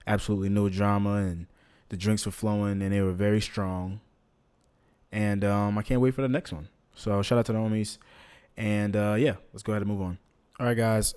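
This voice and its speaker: A young man hosts a podcast in a casual monologue, his voice fairly low with a darkish, clean tone. He's laid-back and loose, full of ums, filler and slang.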